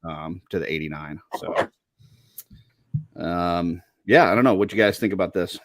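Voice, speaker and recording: A man's voice: sits low, moderate pace, no echo, studio quality. A man hosting a podcast, chatting casually in a rambling way with many fillers. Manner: laid-back, rambling with fillers. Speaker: podcast host. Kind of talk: casual chat.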